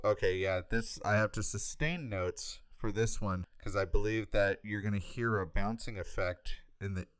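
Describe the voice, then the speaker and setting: A man's voice: lowish voice, normal speed, hardly any pauses, fairly bright tone, clear, resonant tone, no room sound. A man casually demoing vocal effects gear, thinking aloud as he tries each setting. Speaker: musician testing vocal effects.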